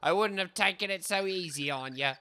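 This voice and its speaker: A man's voice: sits high, unhurried, pushed and bright, slight background noise, voice pushed up, heavily acted. A man voicing a big, boastful bearded warrior in a hammy, put-on mock Irish accent, reading lines from a video game. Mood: gruff.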